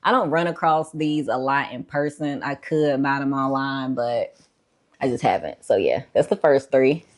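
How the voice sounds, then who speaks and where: Slightly out of breath, this woman chats casually about her book collection in a show-and-tell vlog, easygoing, full of fillers, and dropping a "y'all" now and then. She has a bass voice and speaks at a moderate pace.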